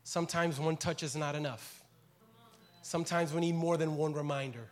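Impassioned high-voiced male preacher. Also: fairly even intonation, moderate pace. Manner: impassioned, swings from quiet to loud. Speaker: pastor. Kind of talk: sermon.

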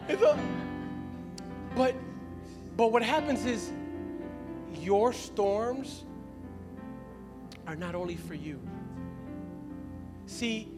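A man's voice: high voice, animated, drawn-out words, long pauses. A man in his thirties preaching a sermon as a pastor, conversational and laughing often as he speaks to the congregation. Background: music.

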